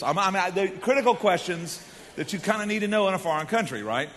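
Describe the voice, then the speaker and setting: A man preaching a sermon in a folksy, animated way, with casual asides to the congregation. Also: high-pitched, quick pace, big-room sound, slight background noise. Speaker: pastor.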